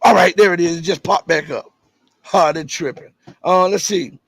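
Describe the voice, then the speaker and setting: A man with a high, husky voice hosts a live stream from his home setup. He reads viewer chat and comments on it with emphatic, rising stresses, and turns low and offhand between points. The sound is dry and close. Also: normal speed, fairly bright tone, dry recording. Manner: emphatic, rises in pitch to stress points, then drops low and casual reading chat. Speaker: livestream host.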